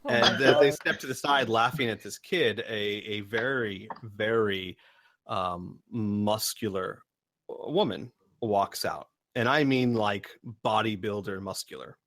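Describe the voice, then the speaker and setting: A man's voice: lowish voice, takes it slowly, fairly bright tone, dry recording. A man narrating as game master, rambling with many fillers.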